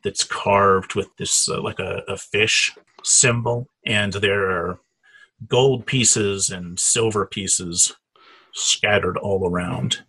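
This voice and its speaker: Man, tabletop game master, husky low voice, halting delivery. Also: steady tone, pushed and bright. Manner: hesitant, many fillers and restarts.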